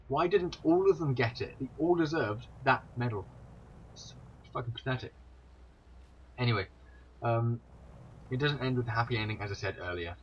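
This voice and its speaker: A man's voice: medium pitch, a bit bright, a little hiss or hum. Tired young man rambling through history. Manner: rambling, sweary, exasperated asides. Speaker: video creator. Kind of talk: casual history commentary. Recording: dull lo-fi home recording, faint ambience.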